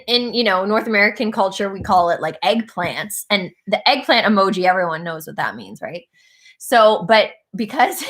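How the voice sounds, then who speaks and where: A woman's voice: medium pitch, fairly bright tone. A woman hosting a casual birthday livestream, chatty and giggly, telling stories with plenty of fillers.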